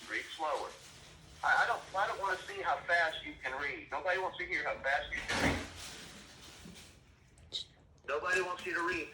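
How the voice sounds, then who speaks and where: A man's voice: sits high, lively intonation, a little fast, sharp tone. A middle-aged man and father leading a Bible lesson for his kids over the phone, stern and scolding. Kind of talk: preachy scripture teaching. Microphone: phone call. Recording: echoey, distant phone recording, faint noise.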